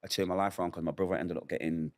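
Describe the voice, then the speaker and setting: Speaking rapid-fire in a low, darkish voice with a flat delivery, a middle-aged interview guest recounts a painful personal experience. His testimony is frank and emotional, and he vividly performs the words of others.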